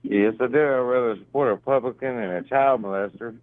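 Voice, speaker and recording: A man's voice: medium pitch, a little fast, no echo. A man calling in who talks crudely and combatively, with frequent swearing. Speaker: caller. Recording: tinny phone line.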